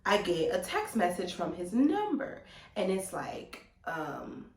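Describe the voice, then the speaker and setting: A young woman telling a storytime to her viewers in an animated, slangy way. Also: lowish voice, takes it slowly, reverberant. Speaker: vlogger. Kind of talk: storytime vlog.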